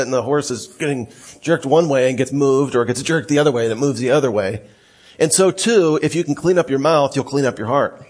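A male pastor preaching a sermon, reading scripture aloud and telling stories in an animated way. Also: medium pitch. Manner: animated storytelling, quoting scripture.

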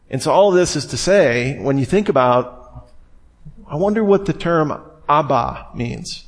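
A man's voice: mid-range voice, moderate pace. Conversational male Bible preacher. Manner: conversational, digressive, with asides and repetitions. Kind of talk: Bible teaching sermon.

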